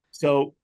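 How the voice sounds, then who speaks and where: Animated male storyteller on a podcast. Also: mid-range voice, breathy edge. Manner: animated storyteller who addresses his listeners directly. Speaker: guest, business author.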